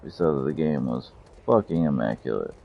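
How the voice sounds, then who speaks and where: Brief: male streamer, very low and gravelly, slow drawl, swears and jokes through gameplay, dull lo-fi audio. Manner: profane, joking banter. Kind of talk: casual gameplay commentary.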